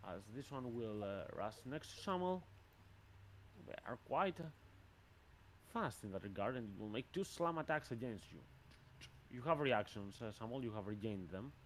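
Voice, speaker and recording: A man's voice: medium pitch, expressive, moderate pace, a little hiss or hum. Man running a tabletop game, hesitant. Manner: hesitant, many fillers. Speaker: game master.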